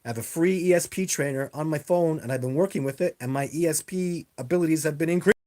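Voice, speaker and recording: Speaking fast in a warm, slightly high voice, a man answers viewers' questions during a casual livestream captured by his webcam. His answers ramble, land with emphasis and circle back on themselves.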